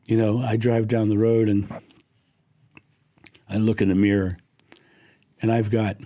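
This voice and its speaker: A middle-aged man giving a slow, heartfelt spiritual talk, lingering gently on his words. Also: medium pitch. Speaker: spiritual teacher.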